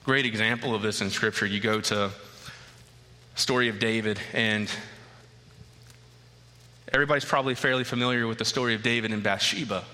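A man delivers a sermon, telling the story plainly before building to impassioned intensity. His voice is sharp and very bright. It rings out with a long reverb, as in a large hall. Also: lowish voice, fairly even intonation, brisk, pauses often. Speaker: preacher.

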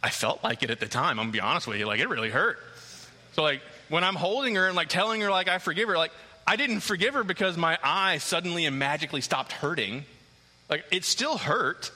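Animated pastor man, bright sharp voice. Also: on the high side, fairly quick. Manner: animated storyteller who acts out scenes. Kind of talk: sermon with a personal story. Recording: long hall reverb.

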